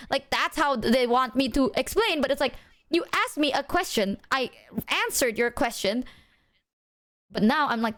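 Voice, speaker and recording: A woman streamer in casual chat, telling stories animatedly with plenty of swearing and acted-out quotes. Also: a little high. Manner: animated, profane storytelling, acting out her own side.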